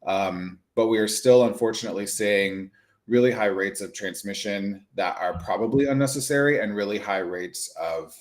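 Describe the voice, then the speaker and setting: A man's voice: lowish voice, moderate pace. A man in his thirties, a nurse practitioner talking casually and animatedly on a livestream with lots of fillers.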